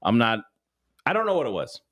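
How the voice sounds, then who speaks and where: A man co-hosting a podcast, talking in a casual, animated way, swearing freely and acting out what people said to him. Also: medium pitch, a little fast. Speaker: podcast co-host. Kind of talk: casual chat.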